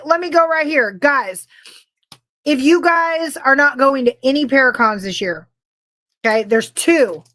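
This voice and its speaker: Bubbly high-voiced woman podcast host. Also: a bit bright. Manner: bubbly, rambling, laughs often. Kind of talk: casual livestream chat.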